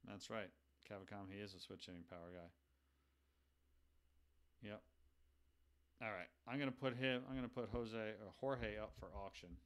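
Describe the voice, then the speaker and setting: A man chats casually while playing a baseball video game live, thinking out loud as he goes. He keeps turning to his viewers to ask for their advice, in an easy, conversational way. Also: lowish voice, normal speed, pauses often, smooth. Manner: thinks aloud, chatty, asks the viewers for advice.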